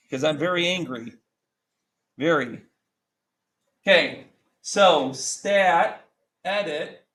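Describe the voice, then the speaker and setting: A man's voice: a little high, slow, pauses often, fairly bright tone. A male math teacher talking a class through calculator work, chatty and joking, with exasperated asides. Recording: echoey classroom with faint background ambience.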